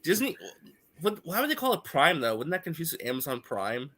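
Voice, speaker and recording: A man's voice: a little high, very animated, brisk, sharp tone. A man with a stuffy cold, co-hosting a casual live reaction stream, joking and swearing freely. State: congested from a cold.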